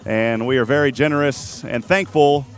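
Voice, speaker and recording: A man calling a college softball game play by play, chatty and quick with statistics, joking with his co-host. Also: medium pitch, faint music behind. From Texas. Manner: chatty, rattles off stats, jokes with co-host. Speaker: play-by-play announcer. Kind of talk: sports play-by-play commentary. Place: outdoor softball field.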